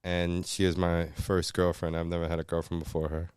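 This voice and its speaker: A man's voice: low-pitched, monotone, a little fast, a little mellow, clear, resonant tone, no echo, studio quality. A man from Jamaica with a Jamaican accent, hosting a casual podcast and playfully slipping into patois. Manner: playful, slips into Jamaican patois when joking. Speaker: podcast host.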